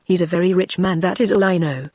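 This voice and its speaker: A woman with a British English accent, read by text-to-speech, voicing a calm, quietly amused young woman in an even synthetic delivery. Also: lowish voice, quick pace, dry recording, clean studio sound, close to an everyday voice.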